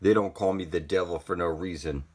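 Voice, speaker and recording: A man's voice: low-pitched, a little fast. A man delivering a threatening, profane monologue as a channel host, taunting and contemptuous. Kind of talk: menacing monologue to camera.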